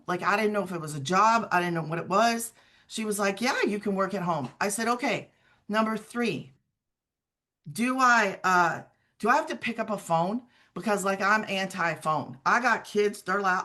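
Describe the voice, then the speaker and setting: A woman's voice: mid-range voice, moderate pace, bright, forceful tone. A middle-aged woman giving an earnest, conversational personal testimony as a guest, often quoting her own past words. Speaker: guest sharing her story.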